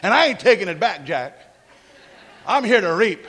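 Male pastor, high register, animated and emphatic, preaching to his congregation. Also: normal speed, slightly rough. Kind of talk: sermon.

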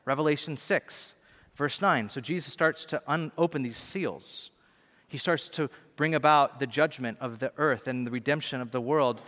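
A man preaching a sermon in a loose, animated way, with slangy asides and playful acted-out voices. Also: on the high side. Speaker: pastor. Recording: long reverb of a large hall.

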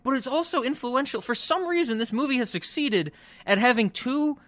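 A man co-hosting a casual movie podcast, enthusiastic and quick to laugh. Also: very high voice, animated, fairly bright tone, no room sound. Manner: giggly, enthusiastic. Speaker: podcast co-host.

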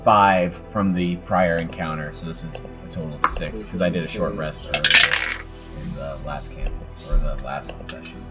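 Very low-voiced woman player. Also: fairly even intonation, moderate pace, over loud music. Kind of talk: casual tabletop play.

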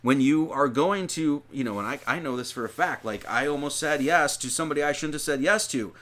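A man leads a loose, chatty sermon, reading scripture and then riffing on it. His voice sits a little higher than most men's. He drags out key words for emphasis. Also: a bit bright. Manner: conversational, rambling, emphatic with drawn-out phrases. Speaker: preacher.

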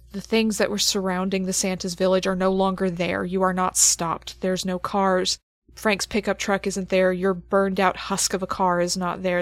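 A woman game master narrating a horror tabletop game slowly and dramatically, often dropping to near whispers for suspense. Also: medium pitch, dry recording, clean studio sound.

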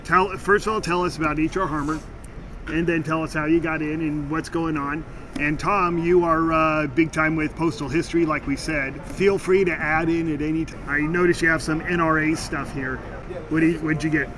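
A man's voice: a little high, fairly even intonation, moderate pace, far from the mic, noisy background. A man hosting a show, chatting and joking as he interviews guests at a busy stamp show. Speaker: host and interviewer.

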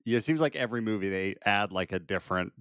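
Man podcast co-host, easygoing, chuckles a lot, lower pitch, no room sound. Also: fast, clean tone, no echo, studio quality. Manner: relaxed, laughs often, steers the conversation. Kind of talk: casual movie chat.

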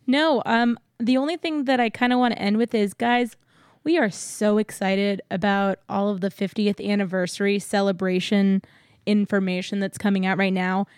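A woman's voice: mid-range voice, fairly even intonation, normal speed, darkish tone, smooth, no echo, clean studio sound. A young woman co-hosting a podcast in casual chat, giggly, upbeat and enthusiastic. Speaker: podcast co-host.

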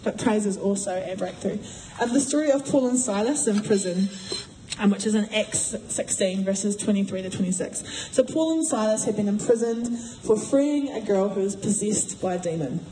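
A woman giving a sermon in a chatty, animated way, acting out voices as she retells a story. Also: medium pitch, moderate pace, a little hiss or hum. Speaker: preacher. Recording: echoey room.

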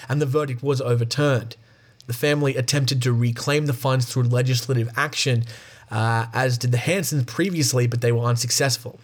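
A man casually reading aloud from a book, with ums and short dry asides between passages. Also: mid-range voice. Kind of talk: casual read-aloud narration.

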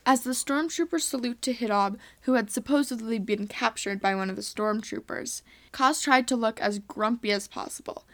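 A woman's voice: a little high, moderate pace, a bit bright. A woman earnestly reading a homemade space adventure story aloud.

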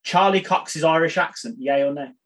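A man's voice: on the high side, moderate pace. A man hosting a podcast, asking questions in a casual, joking way. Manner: playful questions, laughs. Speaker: podcast host. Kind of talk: casual interview chat.

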